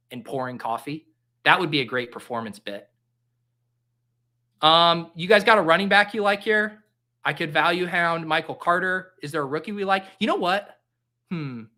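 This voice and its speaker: Man, live stream host, casual joking chatter, bright forceful voice. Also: on the high side. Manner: animated, joking, quick exclamations. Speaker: livestream host.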